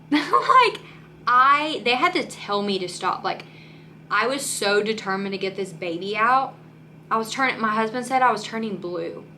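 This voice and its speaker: A woman's voice: medium pitch, pushed and bright, slight background noise. A young woman vlogger talking candidly to the camera in a casual, chatty way, full of "like" and "um", close to tears at times. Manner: candid and chatty, many fillers like "like" and "um".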